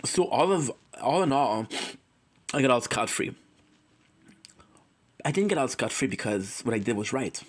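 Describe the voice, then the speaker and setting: A man's voice: mid-range voice, lively intonation, measured pace, long pauses. Rambling man confessing on a livestream. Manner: rambling, emotional, often corrects himself.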